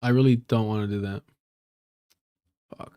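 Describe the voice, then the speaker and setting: A man's voice: fairly low pitch, steady tone, moderate pace, dark tone, clear, resonant tone. A man hosting a live stream, telling a story in a casual, joking way with a lot of slang and swearing.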